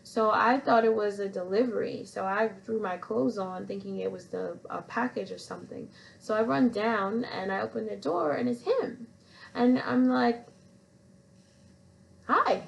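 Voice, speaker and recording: A woman's voice: medium pitch, moderate pace, gravelly, slight background noise, poor audio. A woman vlogger casually telling a personal story to camera, rambling with many restarts. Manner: rambling, full of fillers and restarts.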